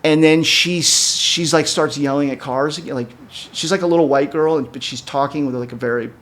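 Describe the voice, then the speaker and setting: A man telling a story on a podcast, his voice a little high for a man. He talks in a loose, profane, rambling way, full of fillers and restarts. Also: a little fast. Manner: animated, jumps up in pitch when quoting people. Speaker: podcast co-host. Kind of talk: casual storytelling chat.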